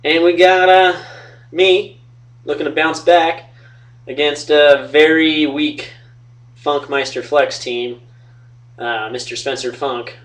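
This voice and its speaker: A man's voice: on the high side, steady tone, slow, long pauses, a bit bright. A young man running a fantasy football league, talking loosely into a webcam at home, joking and swearing. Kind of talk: casual webcam trash talk and storytelling. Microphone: webcam mic. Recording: distant from the webcam mic.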